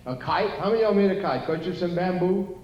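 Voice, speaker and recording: A man's voice: sits high, fast, a little hiss or hum. An older man with a Cajun Louisiana accent telling jokes in a rambling, folksy way to a live theater audience. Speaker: stand-up storyteller. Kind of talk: live stand-up comedy. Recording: roomy, distant, dull audience recording.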